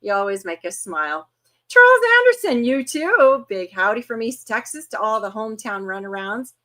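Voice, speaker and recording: A woman in her fifties hosting a casual livestream, chatty and quick to laugh as she greets viewers one by one. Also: on the high side, big pitch swings, pushed and bright. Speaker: host.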